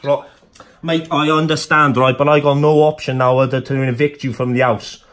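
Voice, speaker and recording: A man's voice: medium pitch, steady tone, a little fast, fairly bright tone, lightly acted. Man putting on a flustered Welsh landlord. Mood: stressed. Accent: Cardiff Welsh. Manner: flustered, repeats himself, keeps saying mate. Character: stressed middle-aged male Welsh landlord. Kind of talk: prank phone call.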